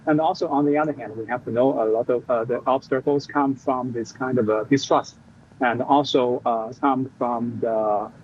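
A male Middle East expert giving interview comments, halting, with many fillers and restarts. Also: mid-range voice, steady tone, a little mellow. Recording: dull lo-fi remote audio, faint noise.

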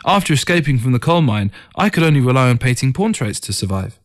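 Brief: a narrator doing an upbeat young painter, jokey and excitable, voice jumping higher. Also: male voice, quick pace, close to an everyday voice. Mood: jovial. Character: cheerful, self-mocking young male artist. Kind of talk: audiobook dialogue.

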